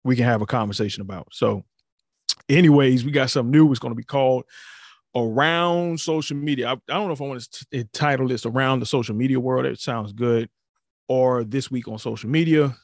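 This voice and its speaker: Casting: young male podcast host, gravelly voice, dry close sound, rambling casual chat. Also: medium pitch, a little fast, no echo. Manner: loose, rambling, full of fillers.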